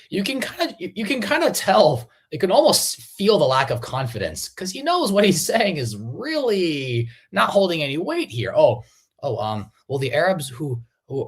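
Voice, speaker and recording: A watch party host giving casual live-stream commentary, halting and rambling with lots of fillers and restarts. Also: mid-range voice, husky.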